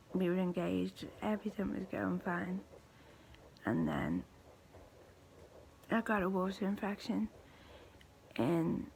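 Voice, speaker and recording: Woman, 30s, weak thin voice, gravelly fry, halting and breathy, personal vlog storytelling. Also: on the low side, a little mellow, a little hiss or hum, low-quality recording. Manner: halting, slow speech with pauses, restarts and fillers; often drops to a breathy near-whisper. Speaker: vlogger.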